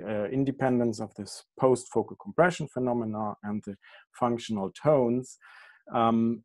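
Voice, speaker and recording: A man giving an academic lecture over slides on an online call, halting often with ums and correcting himself mid-phrase. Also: mid-range voice, mellow. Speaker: guest lecturer.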